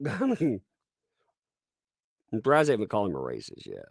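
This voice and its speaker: A man's voice: wildly swooping pitch, moderate pace, gravelly, dry recording, clean studio sound. A man hosting a live stream, commentating sarcastically, reading chat and laughing often. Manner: puts on squeaky mocking voices when quoting people.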